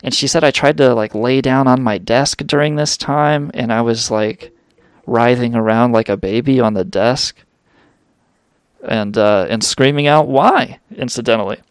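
A man's voice: mid-range voice, normal speed, clear, resonant tone, no echo, clean studio sound. A young man hosting a radio show, telling a wild story in a rambling, profane way with lots of fillers. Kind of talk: storytelling drug anecdote.

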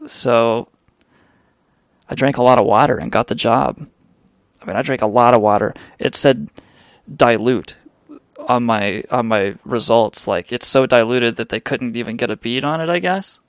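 Gravelly man telling crude rambling stories. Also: mid-range voice, moderate pace, no echo, clean studio sound. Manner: rambling, crude, profane and self-mocking. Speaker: podcast host. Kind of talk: casual comedic storytelling monologue.

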